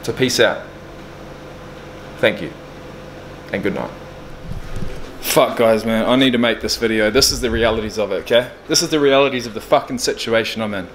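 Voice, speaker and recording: Recording a casual video diary inside his furnished flat, a thirty-year-old vlogger speaks in a lowish voice at a moderate pace, with long pauses. He's blunt and candid and swears freely, and there's background noise.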